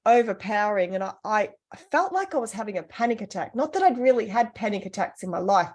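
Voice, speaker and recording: A woman, co-hosting a podcast and telling a personal story in a casual, animated way. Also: fairly high pitch. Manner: animated, acts out the voices of people in her stories. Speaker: podcast co-host.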